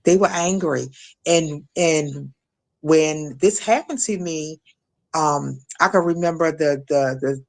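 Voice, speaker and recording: A middle-aged woman from Maryland recounting a personal ordeal as an interview guest, halting with many restarts and fillers. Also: deep voice. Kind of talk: emotional personal testimony.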